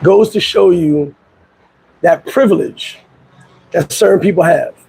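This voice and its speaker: A man hosting a casual commentary video, telling a story in an animated way and acting out the people he quotes. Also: sits high, a little slow, creaky, husky, rough recording. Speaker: vlog host. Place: Dominican Republic.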